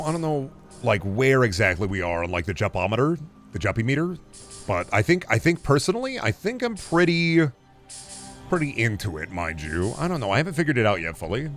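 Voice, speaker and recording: A man streaming a game, rambling in goofy bits and swearing freely as he plays. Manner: rambling, goofy, swings to loud high bits. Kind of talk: casual gameplay commentary.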